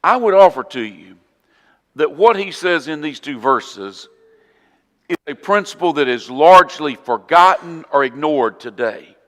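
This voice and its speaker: A man with a Southern US accent preaching a sermon in an earnest, emphatic way, often dropping to a quiet voice. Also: a little high, expressive, unhurried, long reverb tail. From southern United States. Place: church auditorium.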